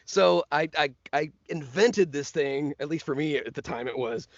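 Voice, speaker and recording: A man's voice: fairly high pitch, moderate pace, no room sound, lo-fi sound. A man, a voice actor guest, telling stories in casual chat and slipping into other voices as he goes. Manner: animated, slips into voices and laughs while telling stories.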